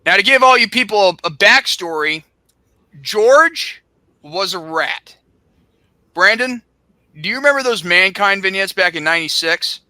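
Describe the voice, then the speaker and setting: A man's voice: high voice, lively intonation, fairly quick, sharp tone, dry recording. A young man co-hosting a podcast, telling a long story casually, full of fillers and restarts, on a laptop mic. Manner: rambling, filler-heavy, restarts often. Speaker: podcast co-host.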